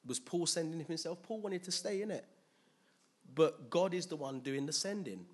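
Animated preacher, husky voice. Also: male voice, a little high, normal speed. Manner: animated, storytelling, acts out scenes. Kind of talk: sermon.

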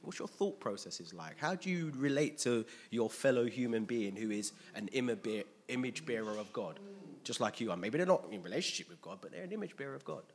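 A man's voice: mid-range voice, animated, a little fast, a little hiss or hum. A man preaching a sermon to a congregation, earnestly asking them questions, often restarting his sentences, and reading scripture aloud.

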